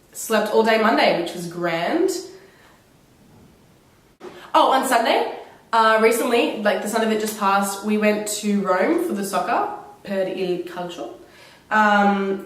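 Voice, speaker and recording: Young woman, from Australia, has a cold, enthusiastic casual storytelling, booming echo, distant mic. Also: slow pace. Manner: enthusiastic, animated, laughing retellings with put-on quotes. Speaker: vlogger. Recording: very echoey room, mic at a distance.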